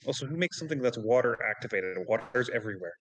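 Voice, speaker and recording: A man's voice: medium pitch, expressive, fast, fairly bright tone, rough recording. A man playing a tabletop role-playing game who banters in character, blunt and sardonic, lecturing the others. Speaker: player.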